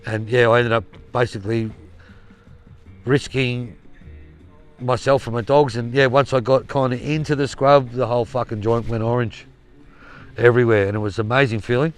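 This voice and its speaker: A man's voice: medium pitch, level tone, moderate pace, long pauses, faint music behind. An Australian man telling a rambling yarn in casual spoken style, blunt and swearing freely. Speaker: storyteller.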